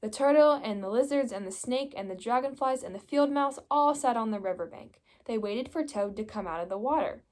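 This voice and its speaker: A young woman reading a children's picture book aloud, telling the story in a steady, gentle way. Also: fairly high pitch, fairly quick, few pauses. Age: young adult. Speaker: reader.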